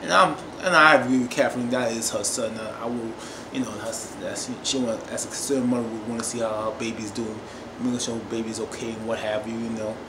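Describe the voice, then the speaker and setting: A man's voice: medium pitch, a little fast. A man giving a casual review of a TV episode, emphatic and repetitive, often calling out to his viewers. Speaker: TV show reviewer. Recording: echoey room with steady noise.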